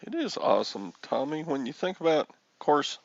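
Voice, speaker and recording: A man's voice: fairly high pitch, sing-song, moderate pace, vocal fry, lo-fi sound. A man in his sixties hosting a reseller livestream, rambling and joking as he answers chat comments. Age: 60s.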